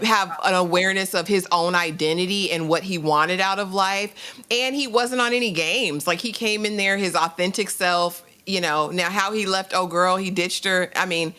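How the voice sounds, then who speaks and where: A woman hosting a live review stream, talking casually to her viewers in an expressive, slangy way. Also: fairly low pitch. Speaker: host of a live reality show review stream.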